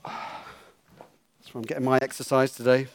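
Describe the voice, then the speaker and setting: A man's voice: medium pitch, flat delivery, unhurried. A man leading a children's talk in church, playful and coaxing, giving instructions.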